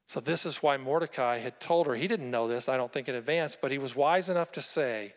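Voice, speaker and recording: A man preaching a sermon, retelling a Bible story with lively storytelling and rhetorical questions to his listeners. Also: medium pitch, fairly quick, hardly any pauses, in a large hall. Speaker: pastor.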